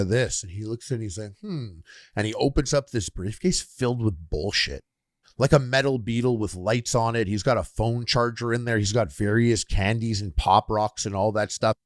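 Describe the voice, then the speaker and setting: Animated swearing man telling a story. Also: lowish voice, no echo, studio quality. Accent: Canadian. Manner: animated, swearing, acts out quoted people. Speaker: podcast co-host. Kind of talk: casual storytelling chat.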